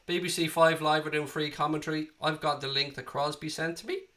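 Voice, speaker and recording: Hosting a football watchalong livestream, an Irishman from Dublin in his late thirties talks bluntly to his viewers and swears without holding back. His voice sits on the high side, brisk and steady in tone, pushed and bright. A cold leaves him sounding slightly unwell.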